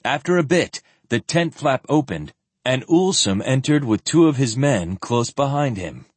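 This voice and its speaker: A man narrating an audiobook in an expressive reading style. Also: medium pitch, measured pace, slightly rough, no room sound. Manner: expressive reading, shifting voices for characters. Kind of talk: scripted narration.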